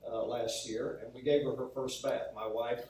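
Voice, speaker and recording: A man's voice: medium pitch, steady tone, moderate pace, a little mellow. A man preaching a sermon as a pastor, telling humorous stories and acting out the lines he quotes. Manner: humorous storytelling with acted-out quotes. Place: church sanctuary. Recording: very echoey hall, mic from far off.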